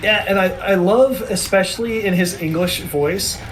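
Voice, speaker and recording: Excitable man rambling with high pitch. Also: normal speed. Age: 30s. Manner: enthusiastic, rambling with restarts. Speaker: podcast co-host. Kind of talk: casual chat.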